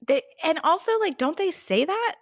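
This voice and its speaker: A woman's voice: extremely high pitch, lively intonation, normal speed, dry recording, studio quality. A young woman co-hosting a casual podcast, chatting with laughs and trailing asides. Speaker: podcast co-host. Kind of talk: casual chat.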